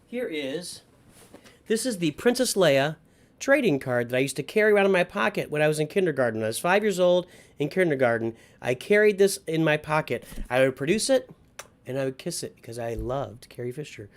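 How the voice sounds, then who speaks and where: A man's voice: fairly high pitch, sing-song, fairly quick. A middle-aged man hosting a livestream, rambling nostalgically and answering live chat as he goes. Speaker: livestream host.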